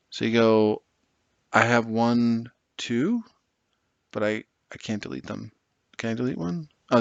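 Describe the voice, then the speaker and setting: A man's voice: fairly low pitch, vocal fry, fairly bright tone, no echo, highs cut off. A man rambling sarcastically and with exasperation as he builds a tabletop wargame army list, swearing now and then. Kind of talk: casual commentary while building an army list.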